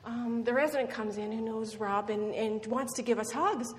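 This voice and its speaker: Brief: middle-aged woman, earnest seminar speaker, slightly high voice, reverberant hall, faint hiss. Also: normal speed, few pauses. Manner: earnest, frequent "um" and "right?". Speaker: guest speaker. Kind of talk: personal story in a seminar talk.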